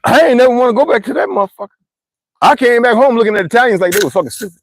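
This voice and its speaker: A man telling rambling, profane stories in a casual monologue, full of asides and sudden swings from low mutters to high exclamations. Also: very fast, no echo. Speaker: channel host.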